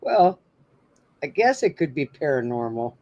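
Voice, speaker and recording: A man's voice: fairly high pitch, big pitch swings, unhurried, darkish tone, dull audio. A man hosting a paranormal podcast, telling a story in a rambling, casual way with many fillers. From New Hampshire. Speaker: podcast host.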